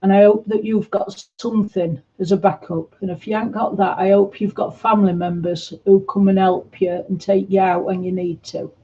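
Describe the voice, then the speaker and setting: A woman chatting gently on a livestream, answering viewers' comments in a reassuring way. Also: mid-range voice, flat delivery, normal speed, hardly any pauses, muffled recording. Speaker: livestream host. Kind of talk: casual livestream chat reading comments.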